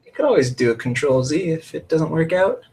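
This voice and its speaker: A man's voice: fairly high pitch, very animated, a little fast, a little mellow, husky, low-quality recording. A man filling in as podcast co-host, chatting in an easygoing, encouraging way while drawing. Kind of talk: casual chat while drawing.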